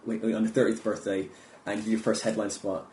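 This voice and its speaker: A man's voice: fairly low pitch, flat delivery, normal speed, warm tone. A male podcast host who asks questions in an easygoing way and mostly murmurs brief agreement. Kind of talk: casual podcast interview. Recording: echoey room with faint ambience.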